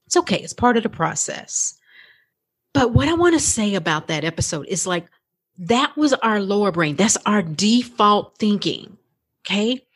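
A woman's voice: medium pitch, big pitch swings, moderate pace, breathy edge. A woman hosting her own coaching podcast, talking in a chatty, encouraging way with frequent laughs and questions to her listeners. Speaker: podcast host and life coach. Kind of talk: casual motivational podcast talk.

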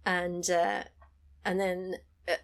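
A woman retelling a film plot in a casual chat, animated, swearing and laughing easily. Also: lowish voice, slow pace.

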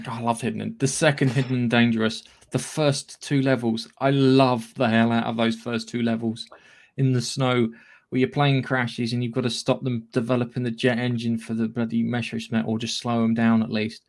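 A man's voice: medium pitch, flat delivery, moderate pace. A man co-hosting a casual gaming news podcast, chatty and rambling, with casual swearing. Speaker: podcast co-host.

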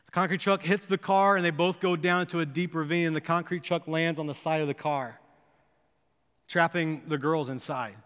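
High, bright-voiced man preaching in a hall. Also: steady tone, normal speed, clean tone. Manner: earnest storytelling, building to impassioned pleas. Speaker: pastor. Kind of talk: sermon with personal story. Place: church sanctuary. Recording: long reverb of a church hall.

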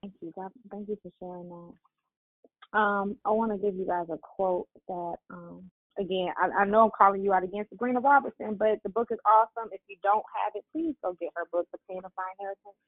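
A woman's voice: mid-range voice, fairly quick, dry recording. Woman host, fervent exhortation on a church call; tinny phone sound. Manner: fervent, encouraging. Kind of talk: preaching and exhortation. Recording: dry, tinny phone line.

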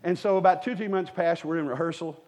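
Speaking from the pulpit to a live congregation in the sanctuary, this pastor delivers a sermon built on personal stories, folksy and humorous with quick asides to the people. His voice is fairly high but dark in tone.

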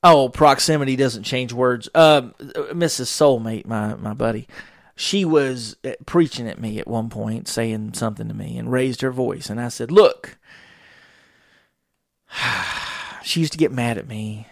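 A man's voice: medium pitch, unhurried, gravelly, no room sound, studio quality. A middle-aged man, hosting a podcast and telling wry, profane stories in a rambling way. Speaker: podcast host. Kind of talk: casual solo podcast monologue.

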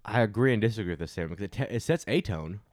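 A young man hosts a casual movie-review podcast in a low voice, talking quickly. He rambles and restarts his sentences, and the sound is dry and close. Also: expressive, a little mellow, dry recording. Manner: rambling with many restarts and fillers. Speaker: podcast host.

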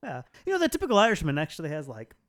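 A man's voice: on the high side, racing. A man co-hosting a podcast, chatting casually and telling jokey stories. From United States. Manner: joking, lively storytelling. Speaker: podcast co-host. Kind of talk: casual chat.

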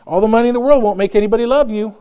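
A man's voice: high-pitched, rapid-fire, dark tone, clean tone. A male pastor preaching a conversational sermon, laughing often and acting out quotes.

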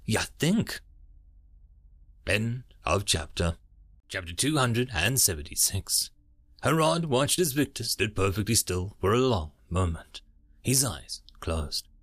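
Brief: male audiobook narrator, animated pitch, dry close sound. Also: a little slow, no room sound. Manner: animated narration with many voiced characters.

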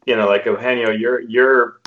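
A man hosting a podcast, giving relaxed advice on running tabletop games. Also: medium pitch, moderate pace. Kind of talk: podcast discussion. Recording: dull lo-fi sound.

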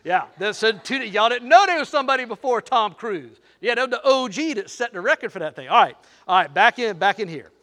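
Bright-voiced older preacher. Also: male voice, high-pitched, expressive, a little fast. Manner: playful, teasing, talks straight to the crowd. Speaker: pastor. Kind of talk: sermon.

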